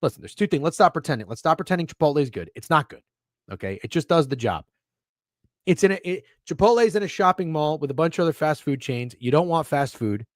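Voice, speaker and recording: A man hosts a sports betting stream and rants, cursing freely and dripping with sarcasm as he reads the chat. His voice sits high for a man. The sound is close and dry, with no room around it. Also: expressive, fast, dry recording. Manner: profane, ranting, sarcastic. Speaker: sports betting show host. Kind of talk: live-stream rant reading chat.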